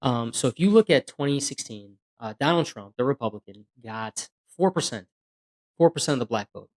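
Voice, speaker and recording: A man, a police officer, telling stories in a casual podcast chat, blunt and lively, acting out the quotes he retells. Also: mid-range voice, moderate pace. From USA.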